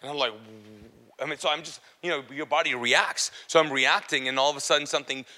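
A man tells a personal testimony in an animated, self-mocking way, playing to an audience. His voice is strikingly bright and sits a little high. It rings with the long reverb of a large hall. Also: quick pace. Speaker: speaker giving a personal testimony. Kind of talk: humorous storytelling testimony to an audience.

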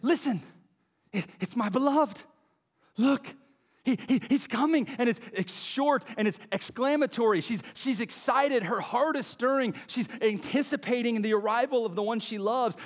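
A man's voice: extremely high pitch, long reverb tail. A male pastor preaching a sermon in a conversational way, acting out the lines he quotes, in a church auditorium.

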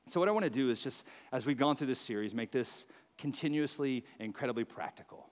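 A man preaching as pastor, talking in a conversational way with frequent fillers and lively storytelling. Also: medium pitch, moderate pace. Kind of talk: sermon. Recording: reverberant church hall.

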